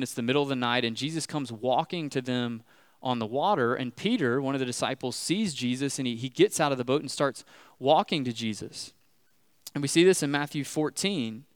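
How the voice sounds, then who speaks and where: A man's voice: mid-range voice, smooth, no echo, clean studio sound. A man preaching a conversational sermon in a casual way, often checking in with "right?". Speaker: pastor.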